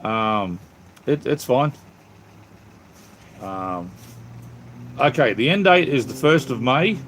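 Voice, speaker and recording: A man's voice: medium pitch, lively intonation, takes it slowly, fairly bright tone, a little hiss or hum. Rambling Australian man chatting with viewers. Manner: rambling, friendly, calls viewers mate and brother. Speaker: channel host reading live chat. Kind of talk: casual live-stream chat.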